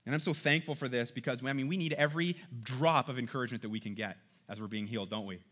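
A man's voice: mid-range voice, fast, a bit bright. A man preaching a sermon, reading scripture aloud and then commenting on it, often checking in with "right?". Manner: conversational preaching with frequent "right?" check-ins. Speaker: pastor.

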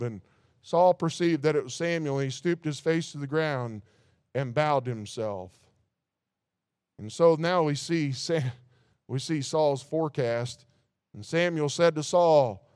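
High, smooth-voiced preacher. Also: male voice, a little slow, dry recording, studio quality. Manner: reads scripture aloud, breaks off with rhetorical asides. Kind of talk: sermon.

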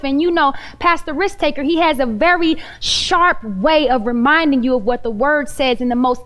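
A young woman delivering a sermon as a lively story, with a high, bright voice. She keeps talking directly to the congregation, casual and animated. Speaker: preacher.

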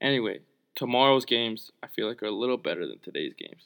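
A man's voice: on the low side, very animated, fast talker, vocal fry, a bit bright. A young man from Croatia co-hosting a podcast, casually joking and teasing about sports betting with crude humor. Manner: joking, teasing, profane banter. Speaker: podcast co-host.

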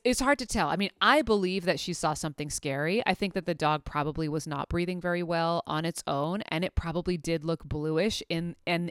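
A middle-aged woman, a veterinary anesthetist, telling a story in an animated, chatty way full of fillers and restarts. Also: lowish voice, no echo, studio quality. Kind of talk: casual storytelling.

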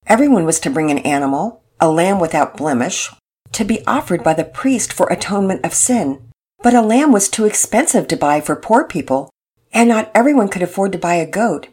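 A woman narrates a storybook in a calm, earnest way, lifting her voice gently at moments of feeling. Her voice is fairly low and husky, with a breathy softness.

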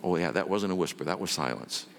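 A man preaching a sermon as pastor, telling the story with drama and dropping from loud to hushed. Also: deep voice, fast talker, in a large hall, a little hiss or hum.

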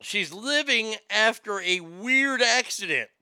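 A man's voice: sits high, lively intonation, slow pace, pushed and bright, clear, resonant tone, no room sound. A man hosting a casual comedic chat, wisecracking about odd news stories. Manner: wisecracking, drifting into mocking bits.

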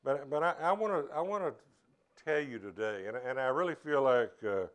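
A male pastor preaching to his congregation in a church. His delivery is earnest and halting, with frequent restarts, and his voice sits at an ordinary middle pitch. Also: animated. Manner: earnest, halting, with many repeated starts. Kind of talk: sermon.

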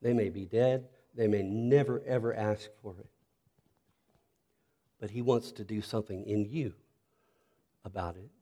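A man preaching a sermon as pastor, earnest and reflective, dropping to a soft, intimate tone when he speaks directly to listeners. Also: on the low side, steady tone, measured pace, long pauses.

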